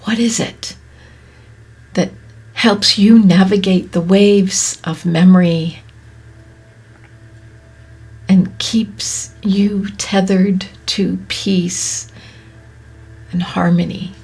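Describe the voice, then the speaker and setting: A woman hosting a podcast, speaking in a soft, often whispery, reflective way, her voice catching with emotion. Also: medium pitch, steady tone, extremely slow, long pauses, husky, soft background music. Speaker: podcast host. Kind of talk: slow reflective monologue.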